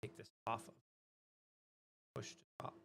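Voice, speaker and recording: A middle-aged woman streaming live, chatting casually and breaking into loud exclamations. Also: unhurried, a little hiss or hum.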